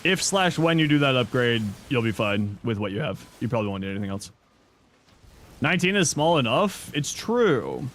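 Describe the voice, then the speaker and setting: Joking man streaming games, lively. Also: mid-range voice. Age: 30s. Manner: loose, joking, answers chat, mild swearing and quick laughs. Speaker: game streamer. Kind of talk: casual gaming stream chat.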